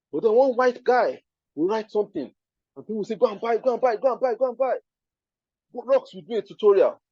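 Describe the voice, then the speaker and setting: A man's voice: on the high side, mellow, slightly rough, dry recording, dull audio. A man with a Nigerian accent giving an emphatic live talk at a design event, often checking that the audience understands. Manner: emphatic, keeps asking "you understand?".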